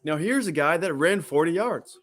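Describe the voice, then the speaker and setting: A man's voice: a little high, expressive, normal speed, a bit bright, pitched above the performer's own voice. A man putting on an American accent to play a dramatic male American football announcer, repeating his build-up lines. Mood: hyped. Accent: put-on American.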